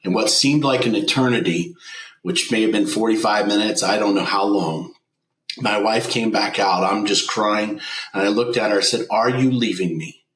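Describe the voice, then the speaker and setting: A man's voice: lowish voice, normal speed, fairly bright tone. Earnest man, roomy sound. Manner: earnest storyteller who acts out quoted dialogue. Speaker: guest business owner. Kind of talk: emotional personal testimony.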